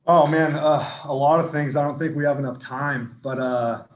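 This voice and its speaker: A man from Northern California, a football strength coach telling his story casually in a podcast interview, relaxed and rambling with lots of fillers and restarts. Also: a little high, normal speed. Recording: echoey room with faint ambience.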